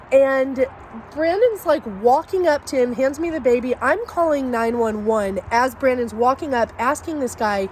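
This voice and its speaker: A woman's voice: high-pitched, expressive, a little slow, a little hiss or hum, rough recording. A woman vlogger telling a story to her camera in a casual, chatty way.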